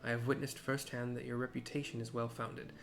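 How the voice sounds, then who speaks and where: A man reading out a cold, formal master swordsmith from a game, a harsh father who speaks in measured, disdainful sentences. His voice sits in a middle pitch and stays close to an everyday delivery. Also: level tone, vocal fry, music in the background, natural voice. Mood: stern.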